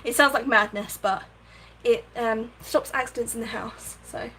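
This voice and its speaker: Crafting live from her home craft room, a woman chats casually, muses out loud and thanks viewers by name. Her voice is on the high side, pushed and bright, with fairly even intonation at a moderate pace, and the low-quality recording has a little hiss or hum.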